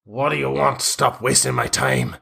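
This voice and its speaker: A man's voice: mid-range voice, very animated, normal speed, gravelly, pushed and bright, husky, voice pushed up, exaggerated voice. A man doing a snarling, sour monster-armed lord. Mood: snarling impatient. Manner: curt, snarling, impatient. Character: sour bald man with monstrous spiked arm.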